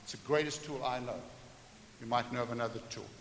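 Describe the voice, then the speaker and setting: A man preaching a sermon to a congregation, animated, acting out everyday scenes and joking with his listeners. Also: mid-range voice, a little fast. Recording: echoey hall with faint hiss.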